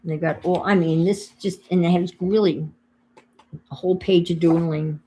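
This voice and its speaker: Her voice is fairly low, steady and mellow, at a normal speed: an older woman with a New York accent crafting on a livestream. She chats with viewers, welcomes them and thinks out loud as she works, with slight background noise.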